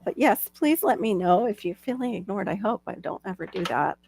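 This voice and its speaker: A woman's voice: medium pitch, expressive, a little fast, creaky, darkish tone, breathy edge, dry recording. A middle-aged woman from the southern United States co-hosting a casual livestream chat, talking freely and laughing often as she reads out viewer comments. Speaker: livestream co-host.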